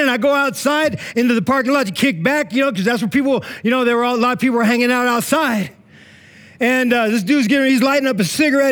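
A man preaching a sermon as pastor, emphatic and casual, with slang, stories and frequent "right?" and "man", swinging between loud calls and hushed, slow passages. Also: very high-pitched. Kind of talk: sermon with storytelling. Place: church meeting in a school building.

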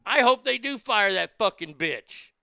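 Bright, gravelly man ranting angrily. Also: high-pitched, animated, a little slow, no room sound. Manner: profane, heated, swearing often. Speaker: host. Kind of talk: angry commentary rant.

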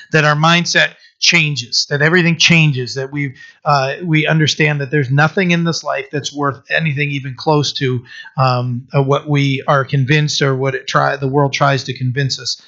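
A man preaching a sermon and reading scripture, talking haltingly with many fillers and restarts. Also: a little high, a bit bright. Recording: dull lo-fi recording.

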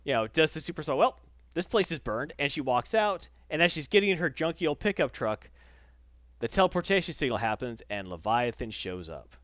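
A man hosting a casual comic book recap, retelling the plot with animated delivery and quick character voices. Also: medium pitch, dry recording. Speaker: podcast host reviewing comics. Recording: dull lo-fi dry recording.

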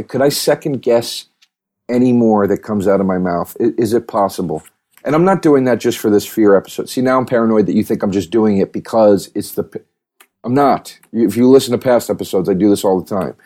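A man hosting a podcast, rambling through a comedic monologue with profane, animated rants that keep second-guessing themselves. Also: lowish voice, a little fast.

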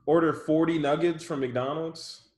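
A man's voice: a little high, a little slow. Man telling profane stories in an echoey room. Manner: animated, profane storytelling with frequent laughs. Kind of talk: casual chat. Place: his office.

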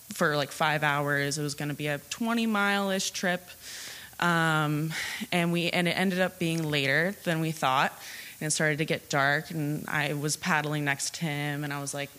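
A woman's voice: low voice, fairly bright tone. Chatty young woman telling a story. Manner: chatty, laughing, lots of fillers. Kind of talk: live personal storytelling. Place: theatre stage.

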